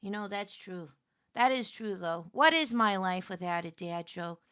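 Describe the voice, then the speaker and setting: A woman streamer chatting casually and joking, swinging between loud squeals and quiet murmurs. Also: medium pitch, unhurried, clear, resonant tone, no room sound, studio quality. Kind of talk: casual live-stream chat.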